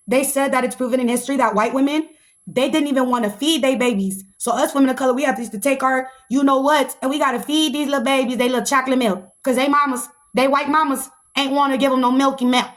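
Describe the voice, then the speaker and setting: A young woman, hosting a podcast in a sassy, animated casual monologue. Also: high voice, fast talker. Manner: animated and sassy, slips into mocking put-on voices. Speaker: podcast host.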